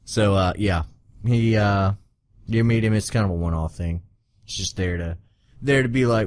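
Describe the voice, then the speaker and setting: A man's voice: fairly low pitch, moderate pace, a little mellow, dry recording. A man co-hosting a casual gaming podcast, swearing freely and acting out his own reactions as he talks. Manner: profane, emphatic, acts out his own reactions. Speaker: podcast co-host.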